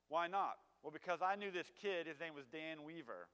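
A man's voice: on the high side, animated, normal speed, fairly bright tone, clear, resonant tone. A man giving a casual sermon, conversational and full of fillers, asking his audience questions. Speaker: preacher. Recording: long hall reverb.

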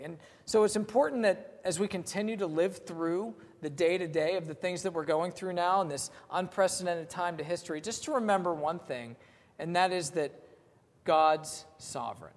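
Conversational preacher in a reverberant room. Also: male voice, high voice. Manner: conversational, plain-spoken, reads scripture aloud slowly. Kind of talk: sermon.

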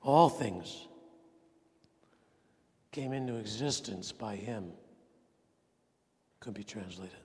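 A man preaching a sermon with earnest emphasis, swinging between ringing points and quiet, intense asides. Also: fairly low pitch, slow pace, long pauses. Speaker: pastor. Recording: long reverb of a large hall.

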